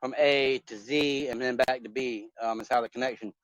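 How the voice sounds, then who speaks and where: A man's voice: mid-range voice, fairly even intonation, normal speed. A man in his forties chatting casually over a phone call, rambling with many fillers and restarts. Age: 40s. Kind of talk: casual chat. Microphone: phone on a voice chat app. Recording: dull lo-fi phone audio.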